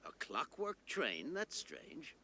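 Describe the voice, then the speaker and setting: A man's voice: mid-range voice, huge pitch swings, slow, creaky, crowd noise, heavily acted. A man voicing a pompous, rule-bound old university rector in a video game. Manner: pompous, formal.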